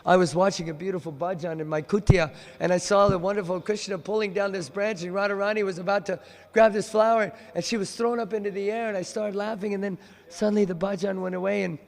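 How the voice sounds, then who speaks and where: A man's voice: sits high, steady tone, brisk, creaky. A man voicing an anxious, humble male saint who pleads with his elder in breathless run-on sentences. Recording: long temple hall reverb.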